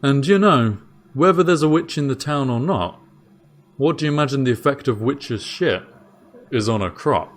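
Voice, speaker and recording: A man's voice: mid-range voice, lively intonation, moderate pace, voice pushed up, natural voice. Man voicing a tipsy male jailer, easygoing, chatty, raised voice, "mate". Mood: musing. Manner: chatty, says "mate" a lot.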